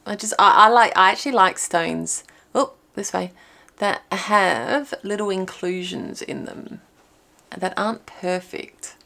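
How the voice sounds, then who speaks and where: Here a woman's mid-range voice sounds creaky and a bit bright. She's an intuitive reader pulling cards for a viewer pick-a-card session, talking casually and thinking out loud while she records herself watching a small screen.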